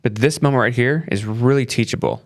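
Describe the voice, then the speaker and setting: A podcast co-host with a medium-pitched voice tells a lively parenting story at a fairly quick clip. He's an animated storyteller who acts out the voices he quotes in this casual chat.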